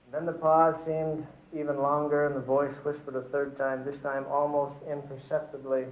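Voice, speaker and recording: An earnest male preacher with a fairly high voice delivers a storytelling sermon. The sound bounces around a big hall, and the recording is dull and lo-fi. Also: flat delivery, normal speed, few pauses. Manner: earnest, testifying, addresses brothers and sisters. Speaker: church speaker.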